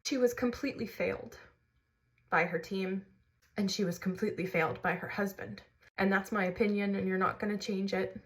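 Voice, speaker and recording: A woman with a mid-range, fairly even voice speaks a little fast as she candidly tells a personal story to camera. A mother sharing her story, she sounds earnest and conversational, like a storytime vlog.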